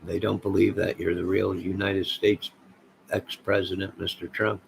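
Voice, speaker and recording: Gravelly-voiced man rambling to his chat. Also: low voice, little pitch movement, normal speed, a little hiss or hum, low-quality recording. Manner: rambling and conspiratorial, addressing his chat directly. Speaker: live streamer. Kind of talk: rambling late-night livestream talk.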